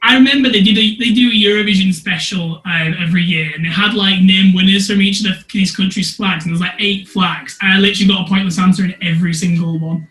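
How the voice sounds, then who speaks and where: A man co-hosting a podcast, chatting casually in an excitable, rambling way. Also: sits high, quick pace, hardly any pauses, reverberant, rough recording. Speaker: podcast co-host. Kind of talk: casual chat.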